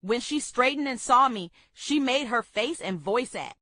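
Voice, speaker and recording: A woman reading a memoir aloud for a book club, steady and measured. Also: a little high, no room sound.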